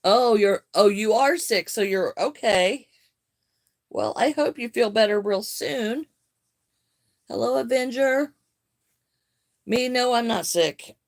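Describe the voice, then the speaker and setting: On a crochet live stream, an older woman with a fairly high pitch chats casually, greeting viewers by name and answering their comments in a warm, unhurried manner.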